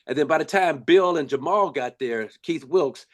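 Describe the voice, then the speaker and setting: An older man from Los Angeles, a former basketball player, telling stories in a casual, animated way with lots of restarts. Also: a little high, moderate pace. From Los Angeles, USA. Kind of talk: casual storytelling.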